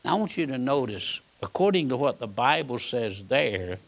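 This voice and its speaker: A man's voice: mid-range voice, big pitch swings, normal speed, vocal fry. A man preaching a sermon, folksy and emphatic, repeating his points and asking "all right?". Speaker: pastor; Bible college teacher.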